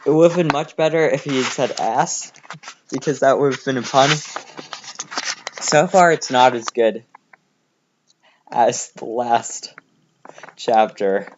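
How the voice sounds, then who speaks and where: A man's voice: medium pitch, slow, long pauses. Sarcastic man mocking a story. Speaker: host reading fan fiction aloud. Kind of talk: comedic reading with commentary. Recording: slightly dull home recording with faint noise.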